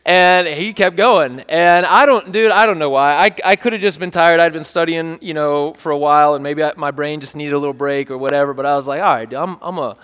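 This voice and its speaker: Preaching briskly with few pauses, a pastor's high, bright voice comes across clear and resonant. He's an animated storyteller who jokes and checks in with his congregation, and the church hall trails a long reverb behind him.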